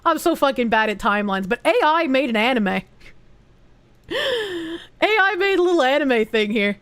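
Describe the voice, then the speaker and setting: A woman with a high voice who rambles through a casual stream, cursing freely and laughing often. She trips over her words and restarts mid-thought. Her voice is dry and close to the microphone. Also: sing-song, moderate pace, a bit bright, no room sound. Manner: crude, heavily profane, laughs often; rambling and self-interrupting. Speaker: VTuber streamer. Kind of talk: casual reaction stream chat.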